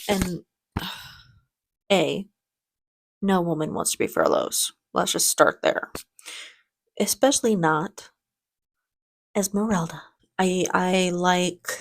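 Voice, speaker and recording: A woman's voice: lowish voice, gravelly. A woman hosting a reaction video, giving casual commentary in a chatty, enthusiastic way with frequent restarts.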